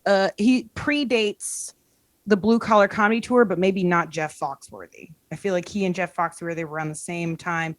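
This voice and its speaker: A woman comedian hosting a casual interview show, reading celebrity messages aloud in a playful, animated way. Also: on the low side, moderate pace, no room sound. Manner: playful, animated, puts on voices when reading quotes. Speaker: comedian host.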